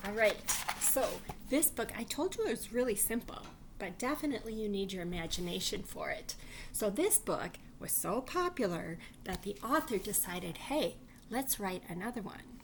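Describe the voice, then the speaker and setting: A woman reading a picture book aloud to children, animated and asking them questions. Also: mid-range voice, normal speed, a little hiss or hum. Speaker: library read-aloud reader.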